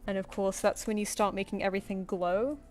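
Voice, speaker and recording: Her medium-pitched, darkish voice holds a steady tone and a slightly fast pace, with faint music behind it. As a live-drawing streamer, she muses aloud and casually replies to what her viewers write in chat.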